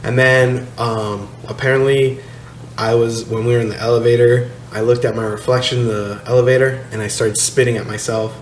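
A man tells a story at a podcast table in a laid-back, profane way, laughing now and then. His voice sits at an ordinary pitch. The room is echoey, with a faint hiss under it. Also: little pitch movement, a little fast. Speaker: podcast guest telling a story. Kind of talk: casual storytelling chat. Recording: echoey room, slight noise.

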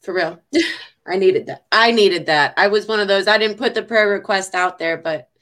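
A woman hosting a faith show, praying fervently and speaking warmly to viewers, given to repeating phrases and getting emotional. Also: mid-range voice, normal speed. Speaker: show host. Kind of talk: heartfelt prayer and chat to viewers.

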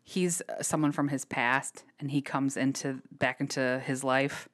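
A woman's voice: rumbling low, level tone, unhurried. A woman co-hosting a film podcast, chatting casually and recommending movies with enthusiasm. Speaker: podcast co-host. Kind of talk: casual chat about films.

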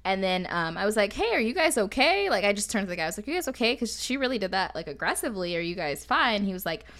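A young woman chatting casually as a podcast co-host. She tells stories with energy and lifts her pitch when she quotes people. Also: rapid-fire. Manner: animated storyteller, acts out quotes in a higher voice. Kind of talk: casual chat.

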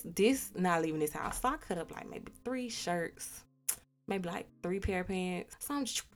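Young woman, podcast host, fairly low voice, profane candid storytelling, faint music behind. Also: moderate pace. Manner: candid, profane, animated retelling with quoted dialogue. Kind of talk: personal storytelling.

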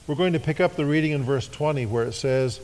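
A man preaching a sermon, leading his congregation in call-and-response and slowing to a hush on key phrases. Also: fairly high pitch. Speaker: pastor. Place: church sanctuary. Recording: echoey worship hall.

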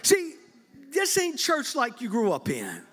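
A middle-aged man preaching a lively church sermon to his congregation, playful and animated, breaking into shouts and laughter. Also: very high-pitched, a little slow. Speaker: bishop preaching.

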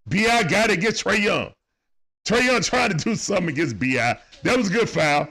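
A man's voice: sits high, lively intonation, moderate pace, sharp tone. A man doing casual play-by-play commentary on a live stream. He talks in slang, greets viewers by name, and speaks into a phone.

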